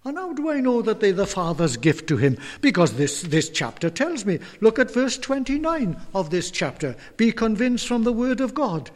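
A man's voice: sits high, big pitch swings, moderate pace, few pauses, a little mellow, in a large hall. A man from the United Kingdom preaching a sermon in a church, earnest and often repeating words as he builds his point.

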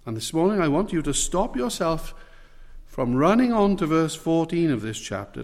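A man preaching a sermon, earnest and emphatic, often slowing and sinking into soft, low phrases. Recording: long hall reverb.

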